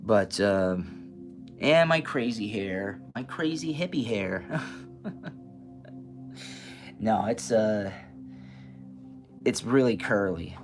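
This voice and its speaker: A man hosting a live stream, ranting in an animated, passionate way and stuttering and restarting often. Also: lowish voice, takes it slowly, pauses often, music in the background. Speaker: live stream host giving readings. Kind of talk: casual live-stream rant. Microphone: camera mic, moves the camera around.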